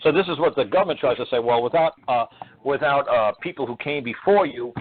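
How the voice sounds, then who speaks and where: A man's voice: medium pitch, fairly quick, breathy edge. Plainspoken man on tinny radio audio. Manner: plainspoken and rambling, stumbles and repeats words. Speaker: radio show host. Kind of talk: casual call-in radio talk.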